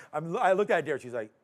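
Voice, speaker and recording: A Canadian man with a slightly high, animated voice hosts a live market recap show. He's upbeat and casual, joking and tossing in quick asides between stock calls.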